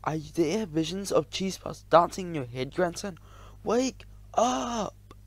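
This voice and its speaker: A man voicing a gruff, bossy old male mouse grandfather who booms his orders, in an audiobook. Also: expressive, moderate pace, a little mellow, no room sound, lightly acted. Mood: scolding. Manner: booming, commanding. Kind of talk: audiobook character voice.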